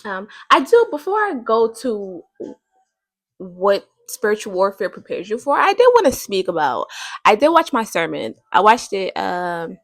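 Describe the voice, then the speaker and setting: A woman host talking through her faith in a loose, rambling way, pausing on fillers and restarting her thoughts. Her voice sits at an ordinary middle pitch, and the sound is close and dry with no room echo. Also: very animated. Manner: rambling, thinking aloud with many fillers. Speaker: podcast host. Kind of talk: casual faith talk.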